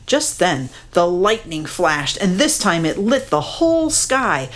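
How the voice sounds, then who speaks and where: A woman reading a children's story aloud, expressive, counting aloud and acting out the sound effects. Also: on the low side, slow pace.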